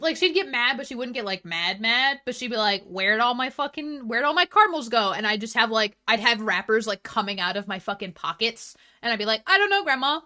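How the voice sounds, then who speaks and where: A woman's voice: a little high, bright, forceful tone. A young woman streamer chatting casually with her viewers, blunt and full of swearing. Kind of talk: casual chat stream, reading chat.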